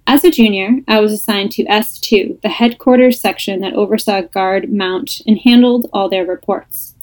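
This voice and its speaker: A woman's voice: medium pitch, steady tone, normal speed, a little mellow, rough recording. A woman podcast host reading listener ghost stories aloud, breaking off for laughing asides.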